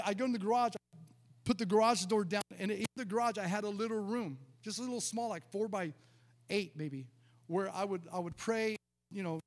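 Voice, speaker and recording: A male pastor with a high-pitched voice tells his story from the pulpit. He preaches emphatically and acts out the dialogue vividly. His voice carries a long reverb from the church sanctuary. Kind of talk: storytelling sermon.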